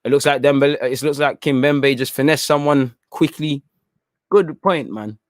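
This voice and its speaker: A young man hosting a live football watchalong, talking in an animated, slangy, opinionated way. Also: on the high side, normal speed, no echo, clean studio sound. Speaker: football channel host. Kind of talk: live match watchalong commentary.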